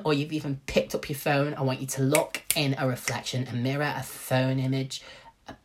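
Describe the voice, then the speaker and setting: A young man hosts a casual solo podcast, talking animatedly, swearing freely and acting out what his friends would say. His voice is mid-range, with slight background noise in the recording.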